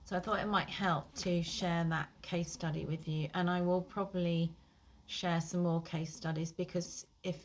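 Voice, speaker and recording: A woman who works as an IBS therapist gives casual advice straight to camera, offering frank encouragement with the occasional light swear. Her voice is lowish with little pitch movement, at a moderate pace, with slight background noise.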